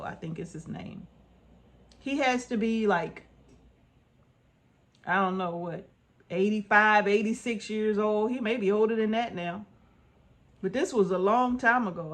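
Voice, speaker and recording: Her voice is medium in pitch and fairly bright. As a homestead vlogger, she speaks informally and folksily, handing out earnest tips to viewers, restating them, and checking in with "right?"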